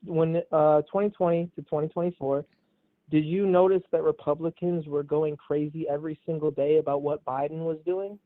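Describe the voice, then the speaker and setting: A man debating politics, defensive and quick to cut others off, heard over a phone line. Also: fairly high pitch, fairly even intonation, dry recording.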